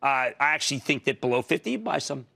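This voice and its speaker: A man's voice: expressive, fast talker, creaky. A man in his sixties hosting a stock market TV show, giving emphatic, punchy commentary and taking callers. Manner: emphatic, punchy, jumps between loud and low.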